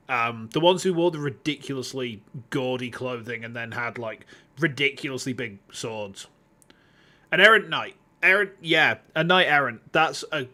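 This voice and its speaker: A man's voice: mid-range voice, pushed and bright. A man streaming a game as a VTuber, chatting casually with swearing asides. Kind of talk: casual let's-play commentary. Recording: music playing underneath.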